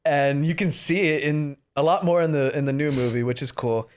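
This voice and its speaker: Young guy on a podcast, swears a lot, slightly high voice, does goofy character voices. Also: a little fast, clean tone. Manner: profane, animated, mimics characters in high voices. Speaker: podcast co-host. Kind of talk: casual movie review chat.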